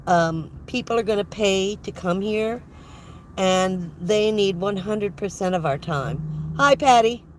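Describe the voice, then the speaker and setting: A woman's voice: mid-range voice, expressive, slow pace, slight background noise. Chatty congested older woman vlogger. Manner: rambling, chatty, laughs often, greets viewers by name. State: congested from a head cold. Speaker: van life vlogger hosting a livestream. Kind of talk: casual livestream chat. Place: in her van.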